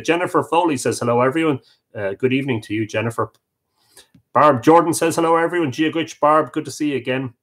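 A man with an Irish accent hosting a live stream, reading out viewer comments and welcoming each one by name with Irish greetings. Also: medium pitch. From Ireland. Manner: friendly, reads names aloud and greets viewers with Irish phrases. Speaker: livestream host.

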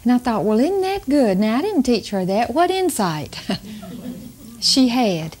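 An older woman teaching about parenting, telling family stories to an audience in a slow, emphatic way with chuckles. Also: fairly high pitch, sing-song. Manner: warm storytelling, slow emphatic delivery with chuckles. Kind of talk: storytelling talk to an audience.

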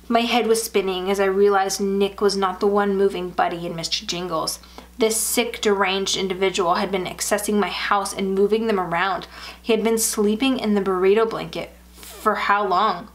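Woman narrator, horror story reader, steady and measured, middle pitch. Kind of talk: first-person horror story reading.

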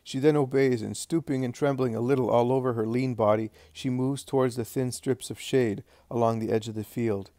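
A man narrating a devotional text in a measured, solemn audiobook reading. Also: medium pitch, fairly even intonation, warm tone, dry recording, studio quality.

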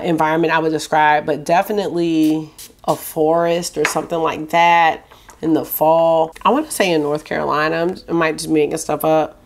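A woman vlogger giving a casual, enthusiastic fragrance review, chatting and listing scent notes. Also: on the low side. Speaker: beauty vlogger.

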